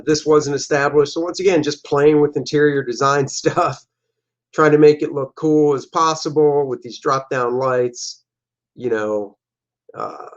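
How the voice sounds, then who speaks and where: A man streaming a casual look back at his own comic pages, with relaxed, rambling commentary and answers to chat questions. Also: medium pitch, lo-fi sound. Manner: relaxed, rambling, acts out panel dialogue in silly voices.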